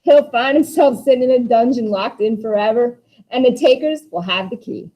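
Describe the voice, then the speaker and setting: A woman's voice: a little high, moderate pace, warm tone, pitched above the performer's own voice, natural voice. A woman reading Walter, a bitter, impassioned young man. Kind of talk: dramatic play reading. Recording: dull lo-fi recording.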